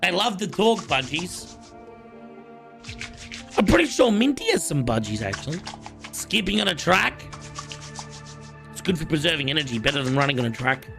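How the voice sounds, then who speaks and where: A man's voice: a little high, very animated, moderate pace, vocal fry, pauses often, fairly bright tone, faint music behind. A man with an Australian accent, casually commentating his game on a live stream and bantering cockily with chat. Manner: playful, cocky banter with chat.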